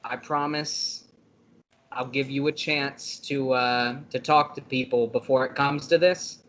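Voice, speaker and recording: A man's voice: mid-range voice, steady tone, slight background noise, lightly acted. A man playing a cold, threatening adventurer who interrogates a captive in a tabletop game. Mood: menacing. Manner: quiet, measured menace.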